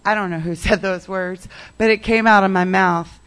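A woman's voice: mid-range voice, fairly even intonation, normal speed, a bit bright. A woman telling her personal recovery story in a rambling way, full of "like" and "um". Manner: rambling, heavy use of "like" and "um".

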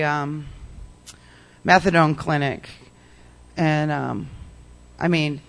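A woman telling her personal recovery story in a rambling way, full of "like" and "um". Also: deep voice. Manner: rambling, heavy use of "like" and "um".

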